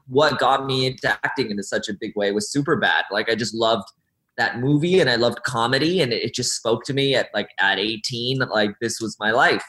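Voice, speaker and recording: Brief: young male actor guest, bright voice, animated storytelling, echoey room. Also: mid-range voice. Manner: animated storyteller, laughs often. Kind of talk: casual interview chat.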